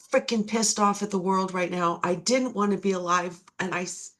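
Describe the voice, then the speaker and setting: A woman's voice: fairly low pitch, steady tone, moderate pace, hardly any pauses. A middle-aged woman sharing her recovery testimony, earnest and repeating key phrases for emphasis.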